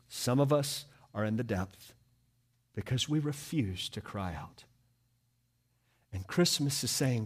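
A man's voice: medium pitch, lively intonation, takes it slowly, pauses often, breathy edge. A man preaching a sermon as a pastor, in an earnest, emphatic manner with repeated exhortations.

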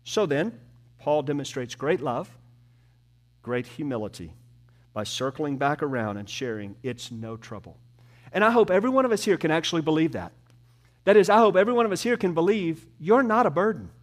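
A man preaching a sermon to his church as pastor, earnest, building up and then dropping to soft, slow emphasis. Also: on the high side, animated.

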